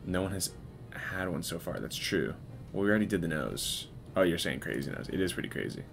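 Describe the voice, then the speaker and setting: A man's voice: deep voice, animated, brisk, creaky, a little hiss or hum. A man hosting a live stream, chatting casually and playfully with viewers while he works. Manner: playful, teasing, talks to chat while working.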